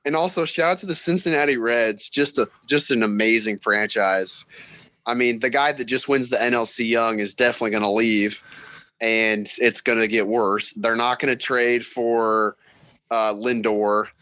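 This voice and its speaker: A man's voice: mid-range voice, steady tone, normal speed, pushed and bright, no echo. A man co-hosting a sports podcast with dry, sarcastic remarks. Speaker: podcast co-host. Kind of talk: casual sports podcast chat.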